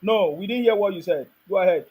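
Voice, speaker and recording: An online show host with a Nigerian accent delivers emphatic political commentary, tossing in rhetorical questions and bits of Pidgin. His voice sits high and a little mellow, with a husky edge and a quick pace. The audio quality is poor.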